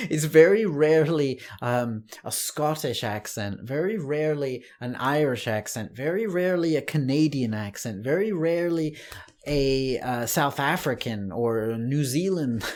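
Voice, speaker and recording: A male English teacher talks through a casual online lesson at an unhurried pace. He sounds relaxed and conversational, with small laughs and restarts, and his voice sits at a middle pitch.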